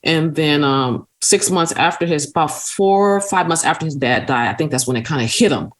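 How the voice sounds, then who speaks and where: A woman's voice: deep voice, lively intonation, normal speed. A woman talking as an interview guest, earnestly telling a personal story and often acting out what others said. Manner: earnest, acts out other people's words as she tells her story. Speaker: guest, nonprofit CEO and parent.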